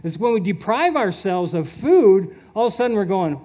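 A man's voice: sits high, very animated, normal speed, warm tone. A man preaching a sermon, reading scripture aloud with rising fervor and laughing often between passages.

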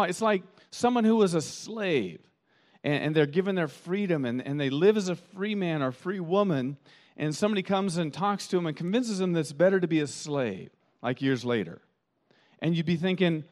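A middle-aged man preaching a sermon as pastor, building from calm teaching to animated rhetorical questions. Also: normal speed. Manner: rising to animated, high-pitched rhetorical questions.

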